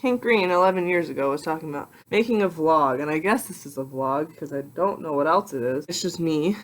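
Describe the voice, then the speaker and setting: A young adult woman vlogging casually to her computer webcam, rambling and excitable with self-mocking asides. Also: deep voice, fairly quick. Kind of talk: casual vlog talk to camera.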